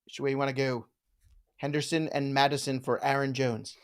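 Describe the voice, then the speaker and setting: A man's voice: medium pitch, little pitch movement, fairly quick, smooth. A man hosting a live fantasy football show, joking around and riffing on names in casual chat. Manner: playful, jokey, riffs on names.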